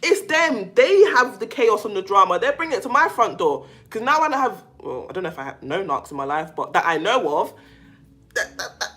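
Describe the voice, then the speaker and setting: Woman vlogger, casual monologue, emphatic and animated, bright tone. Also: mid-range voice, fairly quick. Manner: emphatic, animated, calls the listener "baby"; repeats herself and restarts often. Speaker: vlogger talking about narcissistic abuse.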